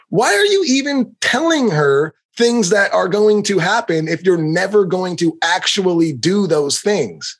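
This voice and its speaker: A middle-aged man hosting a podcast, ranting in an animated, profane, heated way. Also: high-pitched, normal speed. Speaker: podcast host. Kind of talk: comedic rant.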